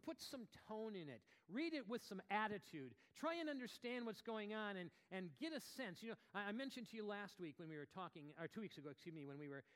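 A man preaching a sermon as pastor, talking conversationally with restarts and asides, then rising to emphatic, animated passages. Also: high-pitched, a little fast, few pauses, big-room sound. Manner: animated, rises to emphatic bursts.

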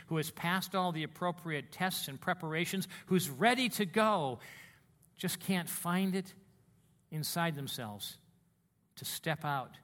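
A man preaching a sermon as a pastor, telling stories with animated swings between hushed and loud delivery. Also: fairly high pitch.

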